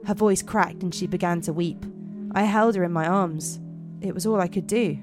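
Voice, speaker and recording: A woman's voice: fairly low pitch, normal speed, over music. A woman podcast host reading horror stories aloud in a put-on American accent, dramatic and giggly with slips.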